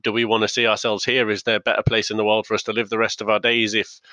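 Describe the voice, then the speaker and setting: A man's voice: on the low side, little pitch movement, quick pace, sharp tone, no room sound. A man with a mixed English regional accent hosting a podcast, chatting casually and rambling a bit with fillers. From England. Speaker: podcast host. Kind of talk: casual chat. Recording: dry, dull lo-fi sound.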